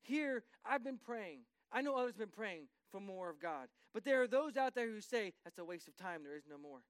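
High-voiced, emphatic male preacher. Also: animated, moderate pace, clear, resonant tone, no echo. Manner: preaching with rising emphatic bursts and asides to the congregation. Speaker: pastor. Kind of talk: sermon.

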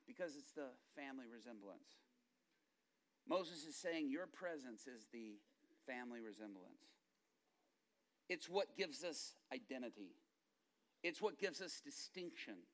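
A middle-aged man preaching a sermon, telling family stories and moving between hushed asides and loud, impassioned outbursts. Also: a little high. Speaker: pastor.

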